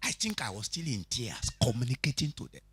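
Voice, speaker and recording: Animated Nigerian preacher, husky voice. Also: male voice, mid-range voice, a little fast, no room sound. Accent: Nigerian, Yoruba-speaking. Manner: preachy, asks the audience questions, animated storytelling. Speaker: Bible study teacher. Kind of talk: teaching sermon.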